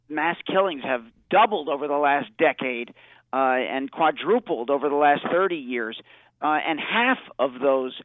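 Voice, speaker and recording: A man's voice: fairly high pitch, no echo. A man, a political strategist, being interviewed on talk radio, speaking assertively and rattling off statistics over a phone line.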